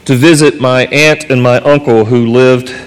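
A pastor from North Carolina preaching a sermon, telling a story earnestly and rising in pitch at the dramatic moments. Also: male voice, fairly even intonation, measured pace, clean tone. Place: church sanctuary. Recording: long reverb of a church hall.

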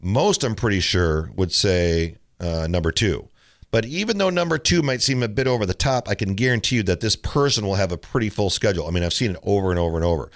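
Relaxed low-voiced man podcasting. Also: fast. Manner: relaxed storytelling with mimicked quotes. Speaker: tennis coach podcast host. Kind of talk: casual solo podcast talk.

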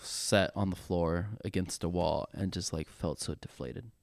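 A man's voice: sits low, steady tone, creaky, dry recording, studio quality. A man sharing a personal story from church ministry, talking earnestly with many restarts and repeated words. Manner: earnest, halting with frequent restarts. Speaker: church worship leader. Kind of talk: candid conversational storytelling.

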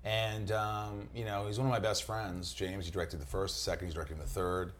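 Low-voiced man telling stories. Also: a little fast, a little hiss or hum. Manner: animated storyteller, slips into impressions. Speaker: actor and guest. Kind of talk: casual chat.

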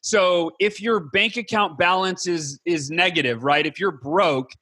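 Male guest, energetic explainer, high bright voice. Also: slightly rough, no echo. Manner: enthusiastic, rapid, animated with mock voices. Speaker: podcast guest, author. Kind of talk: energetic interview talk.

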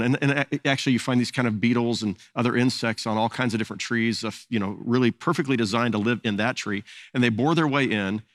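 A man's voice: medium pitch, dry recording. A man preaching a sermon as pastor, earnest and often repeating words as he searches for phrasing.

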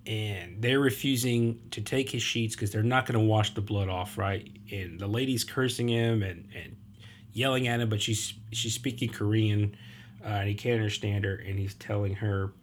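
Guy with a lowish voice rambling through a movie recap, lots of uhs, faint hiss behind. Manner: rambling, many fillers and restarts, acts out quotes. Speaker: podcast host. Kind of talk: casual film recap.

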